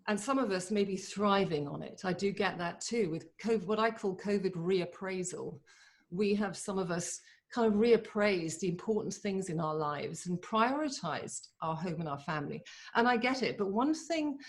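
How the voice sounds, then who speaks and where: A woman in her forties giving a motivational talk over a video call, eager and chatty, speaking in quick bursts. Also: mid-range voice. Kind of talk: live online motivational talk.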